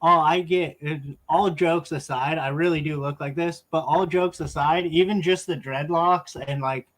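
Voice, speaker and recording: A man's voice: a little high, steady tone, normal speed, a bit bright. A man from Washington State chatting as a guest, loose and profane, telling stories with laughs. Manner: loose, swears freely and tells stories with laughs. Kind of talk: casual chat.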